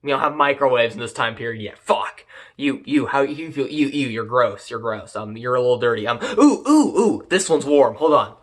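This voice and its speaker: A man's voice: medium pitch, lively intonation, moderate pace, voice pushed down, close to an everyday voice. A man doing a frantic teenage boy hero. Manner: frantic, pleading, crude.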